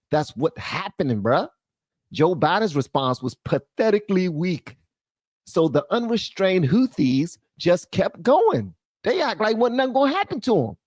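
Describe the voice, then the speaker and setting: Male live-stream host, animated slangy riffing, bouncy intonation. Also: sits high, a little slow, no echo. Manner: animated, slangy, reads quotes aloud and riffs on them. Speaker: commentary channel host. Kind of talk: live-stream news commentary.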